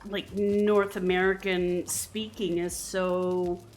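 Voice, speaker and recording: A woman's voice: fairly low pitch, flat delivery, takes it slowly. A Canadian woman streamer in casual chat while she plays a game, chatty and often laughing. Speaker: live streamer.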